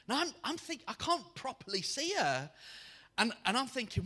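Man, preacher, animated storytelling sermon, very bright voice, swinging pitch. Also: normal speed. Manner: animated, acts out quoted voices. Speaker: guest preacher.

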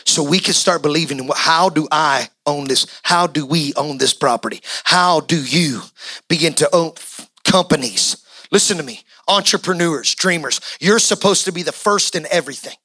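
A male pastor delivering an impassioned sermon, swinging from quiet talk to shouting. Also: fairly high pitch, normal speed, no room sound, rough recording.

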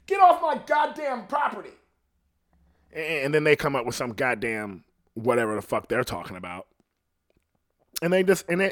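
A man's voice: medium pitch, a bit bright, no echo, clean studio sound. A man from Ohio hosting a solo podcast, rambling in a profane, casual monologue and often asking "you know what I mean". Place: at home alone.

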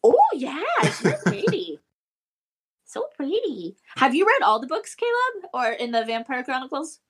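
A woman's voice: sits high, sing-song, normal speed. A woman co-hosting a horror movie podcast, chatting casually and telling stories with gushing animation. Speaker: podcast co-host. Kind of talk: casual chat.

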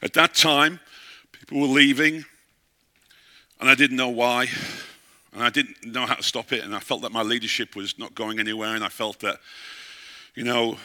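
A man's voice: mid-range voice, bright, forceful tone. A middle-aged man, a pastor, preaching a sermon and telling a story, often asking his listeners questions.

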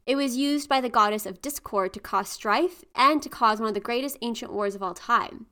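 A woman's voice: on the high side, normal speed, pushed and bright. A woman co-hosting a podcast who explains folklore symbols in a thoughtful, informative way. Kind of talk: casual explanatory chat.

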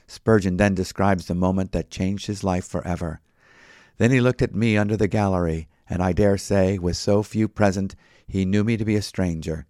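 A man reading a sermon in a measured way, citing chapter and verse as he teaches. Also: low voice, fairly even intonation, dark tone, dry recording, studio quality. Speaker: Bible teacher. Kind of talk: read sermon.

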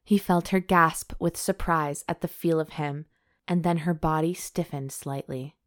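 A woman's voice: deep voice, steady tone, a little slow. A woman host steadily reading a romance novel aloud.

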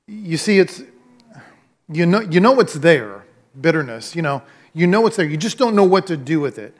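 A man with a notably high-pitched voice delivers a sermon. He speaks in a conversational, emphatic way and comes back to his main phrases again and again. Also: lively intonation, moderate pace. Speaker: pastor.

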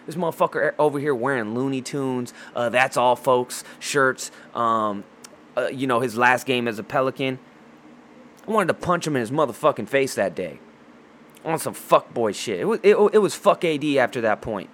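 A man on a loose sports rant, swearing freely and trash-talking with real heat. His voice sits at an ordinary middle pitch. He rambles, restarts his sentences and wanders into asides as he goes. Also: lively intonation, moderate pace, fairly bright tone, slight background noise. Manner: heated, profane, trash-talking.

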